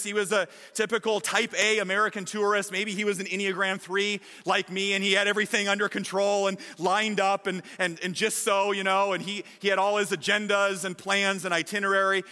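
A man pastor preaching a sermon with animated storytelling in a church. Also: high voice, big-room sound. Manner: animated storytelling, shifting from lively to hushed.

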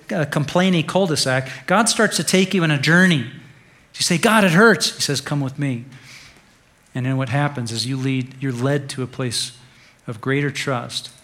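A male pastor preaching an Easter sermon in a conversational way, dropping to a hush and then rising to stress a point. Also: a little high. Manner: conversational preaching, swings from hushed to emphatic.

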